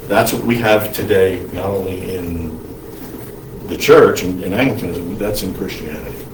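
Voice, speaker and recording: A male priest giving an unscripted lecture, halting often to restart his sentences. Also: lowish voice, a little hiss or hum. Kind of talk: recorded lecture. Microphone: single mic, speaker sometimes covers it. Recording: roomy echo, mic at a distance.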